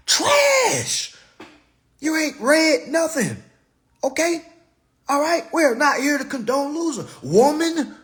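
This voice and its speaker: A man giving an animated, preachy monologue to his viewers, mocking and emphatic, with sudden loud jabs. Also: very high-pitched. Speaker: consumer-credit commentator.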